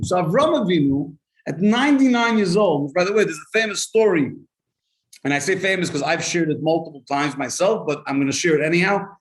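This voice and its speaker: Rabbi guy giving a torah class, higher voice, lots of stories and questions, roomy echo. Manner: animated storyteller, rhetorical questions, quotes Hebrew and Yiddish then translates. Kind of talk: lively Torah class to a live group.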